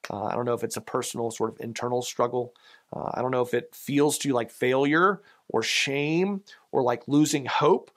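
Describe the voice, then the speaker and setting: Man, pastor, earnest sermon delivery, mid-pitched voice, swelling emphasis on read verse. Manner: earnest preaching, reading poetry slowly with swells of emphasis. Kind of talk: Easter sermon.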